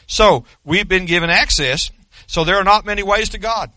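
A male pastor delivers a sermon in a forceful, rising cadence, hammering the same points again and again. His voice sits high and bright, close and dry on the mic. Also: normal speed, no room sound. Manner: emphatic, repetitive preaching cadence.

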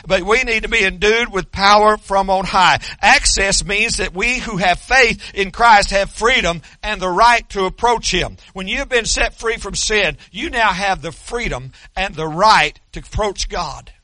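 A male pastor preaches a sermon with a forceful, rising cadence, emphatically repeating the same points again and again. His high, bright voice is recorded close and dry on the mic, with no room sound.

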